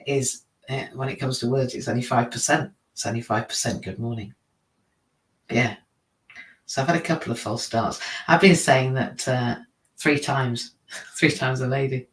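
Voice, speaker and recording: A teacher hosts a live stream with a mid-range, fairly bright voice, rambling casually and making fun of himself. He laughs often at his own slips, and the roomy recording sounds like it was made from a distance.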